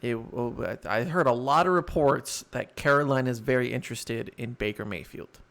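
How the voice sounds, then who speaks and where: A young man co-hosting a sports podcast in casual chat, animated and quick to laugh loudly. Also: mid-range voice. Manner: animated, laughs loudly, breaks into mock impressions. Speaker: podcast co-host.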